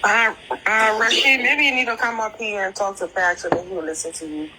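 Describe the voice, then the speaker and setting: A woman's voice: medium pitch, steady tone, moderate pace, very noisy. A woman on a live stream speaking bluntly, in a scolding way.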